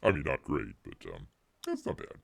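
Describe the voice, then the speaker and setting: A man's voice: very deep voice, wildly swooping pitch, normal speed, gravelly, breathy edge. A middle-aged man hosting a casual livestream, sarcastic and rambling, full of fillers and restarts, calling himself by name in the third person. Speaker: livestream host.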